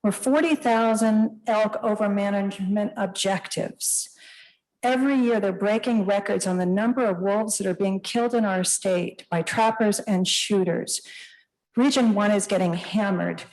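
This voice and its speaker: A woman's voice: medium pitch, normal speed, a little mellow, rough recording. Impassioned woman giving public comment. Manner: impassioned, indignant, emphatic.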